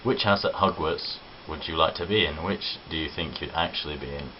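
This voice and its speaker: A man's voice: rumbling low, a little fast. A young man chatting casually to camera, answering viewer questions in a cheerful, chatty way and swearing freely. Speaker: vlogger. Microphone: camera on tripod. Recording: dull lo-fi camera audio with hiss.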